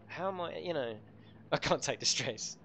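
A middle-aged streamer chatting with viewers as he races, joking and swearing freely. His voice is bright and lively, jumping around in pitch. Faint room noise sits behind him. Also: moderate pace, vocal fry. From United Kingdom. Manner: joking, banter with chat, swears. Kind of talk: live game streaming chat.

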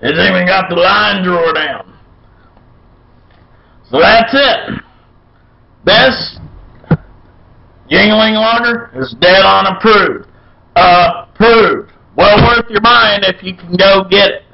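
Brief: high-voiced male beer vlogger, brash and folksy, dull lo-fi recording. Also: slow, creaky, pauses often, a little hiss or hum. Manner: loud, folksy and irreverent, with playful chants. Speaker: beer review show host. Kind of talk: casual beer review vlog.

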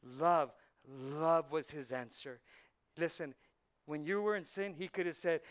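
Animated preaching man, clear voice. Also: fairly high pitch, measured pace. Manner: swings from hushed intensity to loud preaching; drops Spanish words into English. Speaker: pastor. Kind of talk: sermon. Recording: church sermon on a live mic.

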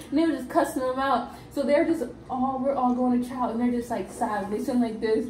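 A young woman chatting in quick slang and laughing as she swaps boot camp stories with her roommates. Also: fairly high pitch, steady tone, mellow, distant mic. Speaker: Navy recruit. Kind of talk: casual chat among roommates. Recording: echoey room, camera from afar, faint hiss.

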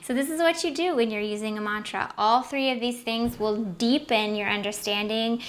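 A woman's voice: on the high side, animated, normal speed, fairly bright tone. A woman hosting a self-help video series, giving an upbeat motivational talk to the camera and often checking in with "right?".

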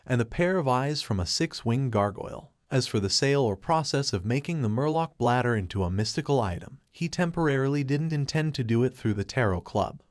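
A man reading a fantasy novel aloud as an audiobook narrator, in a steady, even delivery. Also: mid-range voice, no echo, clean studio sound. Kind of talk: scripted narration.

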